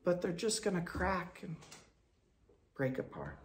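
A man delivering a Quaker sermon in a storytelling manner, moving between loud bursts and soft, low asides. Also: wildly swooping pitch, unhurried, a little hiss or hum. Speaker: speaker at a Quaker meeting.

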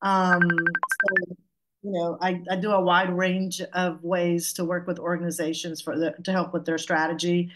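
A woman's voice: lowish voice, flat delivery, unhurried, fairly bright tone. Playful Southern woman on a video call. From Georgia, US South. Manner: chatty, playful, self-joking. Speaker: guest speaker. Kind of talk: webinar presentation.

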